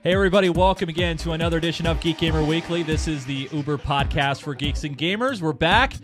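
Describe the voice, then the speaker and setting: A man's voice: a little high, quick pace, over music. A man hosting a podcast, joking with his panel and laughing often. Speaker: host. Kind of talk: casual podcast chat.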